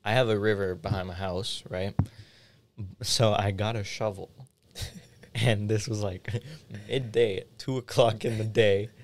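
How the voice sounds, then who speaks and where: A man's voice: lowish voice, steady tone, a little slow. Laid-back young man telling stories. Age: young adult. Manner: laid-back storytelling, laughs often. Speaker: podcast co-host. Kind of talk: casual chat. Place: podcast studio.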